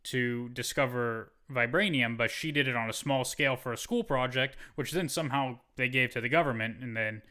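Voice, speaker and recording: A man's voice: medium pitch, a little fast, hardly any pauses. A man co-hosting a podcast, casually retelling a movie's plot with plenty of swearing. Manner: profane, animated retelling of the plot. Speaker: podcast co-host. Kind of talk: casual movie review chat.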